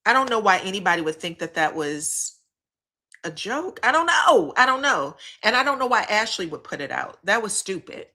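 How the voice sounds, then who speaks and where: Host, female, bright tone, chatty, blunt and slangy, talks to live chat. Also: mid-range voice, sing-song, normal speed. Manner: candid, slangy, repeats herself for emphasis. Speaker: reality TV commentary host. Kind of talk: casual live-stream recap with chat.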